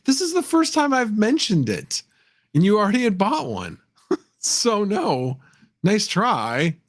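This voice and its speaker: A man putting on a deliberately bad impression of a famous male actor, in a high, strained, halting voice. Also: wildly swooping pitch, dry recording, clean studio sound, exaggerated voice. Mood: mock-serious.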